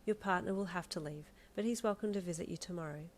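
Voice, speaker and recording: Courteous ward nurse, gentle and apologetic, read by a woman. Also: fairly low pitch, fast talker, lightly acted. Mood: polite. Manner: apologetic, polite. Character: polite hospital nurse.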